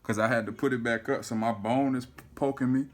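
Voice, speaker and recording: Animated man telling a story. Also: mid-range voice, brisk. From South Florida. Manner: animated, swears often, keeps saying "you feel me". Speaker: vlogger. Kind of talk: casual storytelling to camera.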